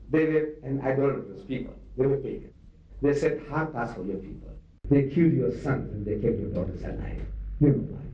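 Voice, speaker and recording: An older man with a South African Indian English accent, giving a religious public lecture as animated storytelling, acting out dialogue and firing questions at his audience. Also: medium pitch, a little hiss or hum. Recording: dull, echoey hall recording from far off.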